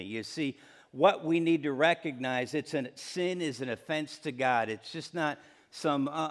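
A man's voice: fairly high pitch, animated, moderate pace. A middle-aged male pastor preaching a sermon in a conversational way, often asking the congregation questions.

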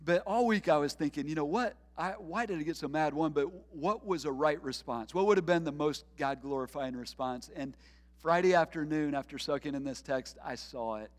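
A middle-aged man, a pastor, preaching a sermon with a personal story, animated and laughing often as he acts out his own thoughts. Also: a little high, moderate pace, in a large hall.

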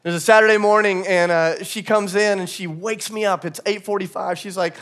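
A man's voice: high voice, fairly even intonation, brisk, fairly bright tone. A man preaching a sermon, telling a funny personal story and then rising into a passionate, repeated refrain. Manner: storytelling with humor, building to an impassioned repeated refrain. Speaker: pastor.

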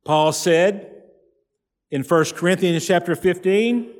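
A man's voice: high voice, slow, a little mellow, in a large hall. A man preaching a sermon as pastor, emphatic and driving his points home through repetition, in a church sanctuary. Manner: emphatic preaching with repeated phrases.

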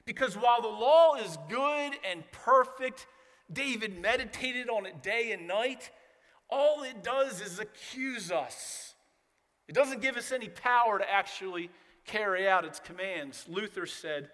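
A man's voice: sits high, measured pace, fairly bright tone, long reverb tail. A man preaching a sermon as pastor, earnest and emphatic.

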